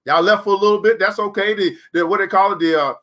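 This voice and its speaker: A man's voice: high-pitched, fast, a bit bright. A man hosting a live online class, talking casually and preachily, reading out viewer comments. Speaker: host of a live crypto trading class stream. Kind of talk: casual live-stream talk.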